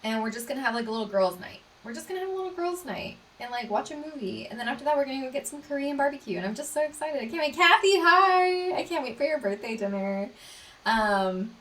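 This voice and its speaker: A woman's voice: a little high, lively intonation, fast, hardly any pauses, distant mic. A young woman, hosting a casual solo podcast in a bubbly, gushing way, full of fillers. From Texas. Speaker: podcast host.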